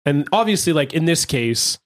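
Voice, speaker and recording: A man's voice: on the high side, lively intonation, moderate pace. A man co-hosting a podcast, joking around in casual chat, with a nasal voice from a cold. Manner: joking, laughs often. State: sick, nasal voice. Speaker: podcast co-host.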